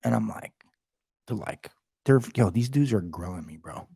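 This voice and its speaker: A man telling a story as a podcast guest, loud, slangy and full of swearing. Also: on the low side, expressive, normal speed, vocal fry, slightly rough, dry recording, clean studio sound. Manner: loud, heavily profane, fired-up storytelling; slangy, calls listeners bro and dude. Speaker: podcast guest, realty company head. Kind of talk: casual storytelling chat.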